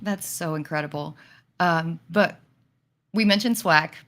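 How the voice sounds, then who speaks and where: Woman host interviewing a guest, lower voice, upbeat and encouraging. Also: unhurried, fairly bright tone. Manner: enthusiastic, encouraging questioner. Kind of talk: casual interview.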